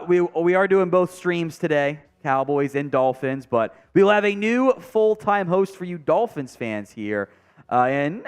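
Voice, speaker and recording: Animated high-pitched male stream host. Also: clean tone. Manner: reads viewer comments aloud, chatty and joking, trails off into mumbled asides. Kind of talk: casual live stream chat.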